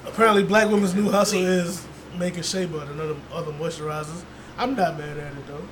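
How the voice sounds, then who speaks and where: A man's voice: fairly high pitch, steady tone, fast, crowd noise. A young man hosting a podcast, telling stories in casual chat, laughing often and mimicking others. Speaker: podcast host. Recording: echoey room with noise.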